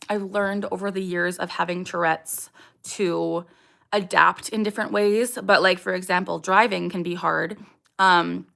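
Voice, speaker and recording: A woman's voice: medium pitch, creaky, fairly bright tone. A young woman hosting a casual livestream, answering viewer questions candidly, with frequent ums and sudden vocal tics. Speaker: livestream host.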